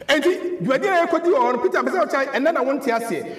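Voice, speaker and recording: Animated Ghanaian pastor preaching in an echoey hall. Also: male voice, very high voice, a little fast, few pauses. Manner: switches between English and Twi, animated preaching with repeated words. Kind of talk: sermon. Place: church hall.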